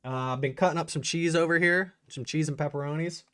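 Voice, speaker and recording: A man hosting a casual livestream, chatting excitedly and answering viewers' messages. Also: a little high, a little fast, no echo, studio quality. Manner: chatty, reads and answers live chat, excitable. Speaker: bourbon channel host.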